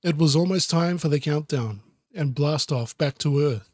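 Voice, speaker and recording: A man reading a children's book aloud with deadpan, self-mocking asides. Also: a little high, moderate pace, dry recording, clean studio sound. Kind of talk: sarcastic comedic book reading.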